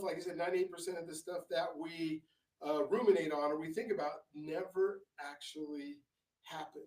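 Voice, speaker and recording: Male guest, a storyteller, somewhat high voice, loose rambling delivery, roomy distant sound. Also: a little mellow. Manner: rambling, many fillers and restarts. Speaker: author and guest. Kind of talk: casual interview storytelling.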